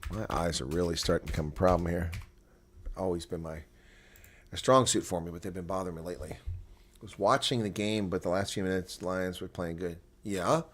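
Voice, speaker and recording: A man's voice: sits low, a little fast. A man hosting a casual live rugby watch-along, chatting loosely, laughing often and reading viewer comments aloud.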